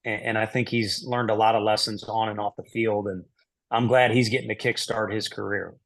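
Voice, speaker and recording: A man's voice: fairly low pitch, level tone, fairly quick, gravelly, fairly bright tone. A middle-aged man, a head baseball coach, answering casually in an interview. He laughs easily and thinks aloud with self-deprecating humor.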